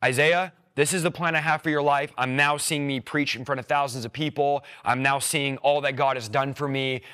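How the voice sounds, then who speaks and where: Guy giving an emotional faith testimony, bright forceful voice, a bit high, keeps repeating himself. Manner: earnest, repetitive, emotional storytelling. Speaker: evangelist sharing his testimony.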